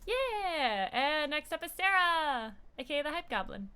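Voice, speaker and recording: A woman's voice: high-pitched, big pitch swings, unhurried, bright, forceful tone. A woman hosting a tabletop game stream as game master, giggly as she introduces the players.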